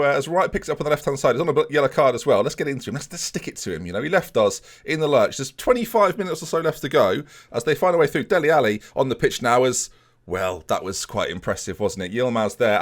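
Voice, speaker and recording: Guy, mid-pitched, chatty game commentary, keeps addressing viewers, flips from calm to yelling. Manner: excitable, jokey, talks to viewers, sudden outbursts. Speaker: gaming video creator. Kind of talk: casual commentary over a football management game. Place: small home room with a fan and softbox light.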